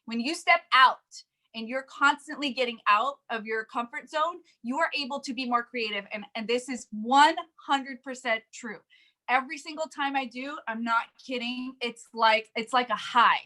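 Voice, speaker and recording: A woman leading a sales team, giving an energetic, emphatic motivational talk with frequent laughs. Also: a little high, normal speed. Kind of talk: casual motivational chat.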